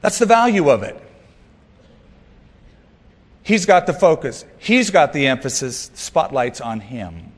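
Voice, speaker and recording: A man's voice: fairly high pitch, in a large hall. A man preaching a sermon as pastor, earnest and emphatic, with light humorous asides.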